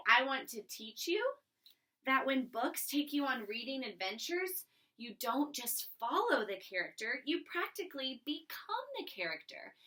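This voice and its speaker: A woman teacher giving a recorded reading lesson to young children, expressive and encouraging. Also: high voice. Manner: expressive, encouraging, sing-song.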